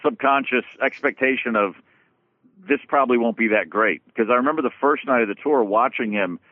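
A man tells a story in loose, animated conversation, stumbling over restarts and dropping swears as he goes. His voice comes through thin and tinny, like a phone line, with no room sound around it. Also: medium pitch, brisk, no echo. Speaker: guest musician.

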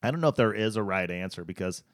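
A man with a very deep voice, recorded close and dry. He hosts a relaxed chat and asks reflective questions. He thinks out loud as he talks. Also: quick pace, no room sound. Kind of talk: casual podcast conversation.

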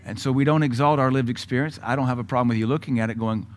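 A man preaching to his congregation in a blunt, combative way. His voice sits at an ordinary middle pitch, and he swings between quiet asides and loud, punchy bursts. Now and then he drops into mocking imitations to make a point. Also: fairly even intonation, rapid-fire, few pauses. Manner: mocking mimicry of other voices. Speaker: pastor. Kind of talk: sermon.

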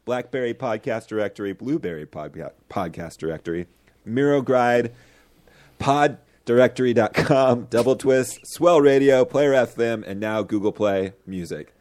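A man's voice: mid-range voice, normal speed, darkish tone. A man hosting a casual podcast, joking loosely and stumbling through his plugs. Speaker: podcast host.

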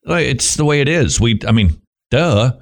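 Animated, wry Christian radio host. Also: male voice, medium pitch, normal speed. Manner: animated, joking asides to himself. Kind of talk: devotional radio commentary.

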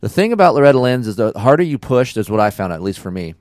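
A man hosting a casual podcast, telling a story in a relaxed, slangy way. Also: medium pitch, quick pace, dry recording, clean studio sound. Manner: laid-back storytelling with slang. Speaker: podcast host. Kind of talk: casual chat.

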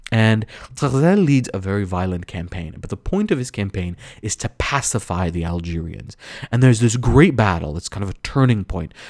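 American male lecturer, low-pitched, earnest explainer, dry mic. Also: darkish tone, no room sound. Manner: earnest, explanatory, occasional restarts and fillers. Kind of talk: history lecture.

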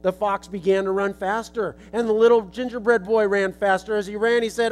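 A man's voice: sits high, steady tone, fairly quick, hardly any pauses. A male preacher telling a children's story as a sermon illustration in a casual, folksy way.

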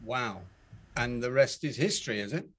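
A man's voice: mid-range voice, normal speed, fairly bright tone. A man hosting an interview, chatting and asking leading questions. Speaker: interviewer host. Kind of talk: interview chat.

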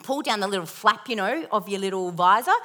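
A young woman telling a lively personal testimony with self-deprecating humor as part of a sermon. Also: mid-range voice, a little fast.

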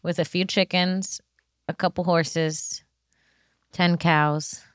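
A woman co-hosting a comedy podcast, teasing her co-host with deadpan dark jokes in casual chat. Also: lowish voice, slow pace, dry recording, clean studio sound.

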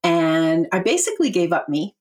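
A middle-aged woman telling her life story as a podcast guest, animated and laughing often as she acts out what she and others said. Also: lowish voice, moderate pace. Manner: animated, laughs often, quotes herself in voices.

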